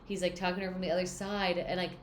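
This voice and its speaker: A young woman with a lowish voice co-hosts a book podcast, rambling through scenes and teasing her friend. The sound is roomy and echoey, with a faint hiss underneath. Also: level tone, rapid-fire. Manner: rambling, teasing, restarts sentences. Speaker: podcast co-host. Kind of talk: casual book-club chat.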